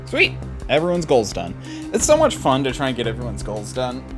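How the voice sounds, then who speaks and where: A young man streaming a game, chatting casually and thinking out loud with frequent self-corrections. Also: medium pitch, wildly swooping pitch, brisk, over music. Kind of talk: casual gameplay commentary.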